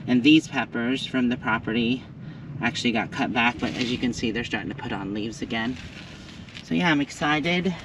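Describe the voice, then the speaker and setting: A man's voice: medium pitch, moderate pace, noisy background. A man chatting cheerfully through a casual gardening vlog outdoors at a camp, cooing at his pets. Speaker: vlogger.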